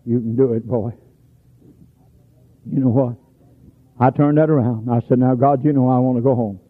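A man preaching a sermon, telling stories in a folksy way and breaking into shouts. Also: mid-range voice, normal speed, long pauses. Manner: folksy storytelling, bursts into shouts. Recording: tinny phone-like radio recording.

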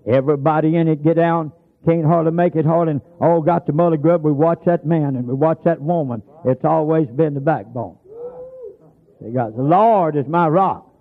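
A man's voice: fairly high pitch, steady tone, normal speed. A man preaching a sermon, telling folksy stories and stretching out emphatic lines. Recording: tinny lo-fi broadcast sound.

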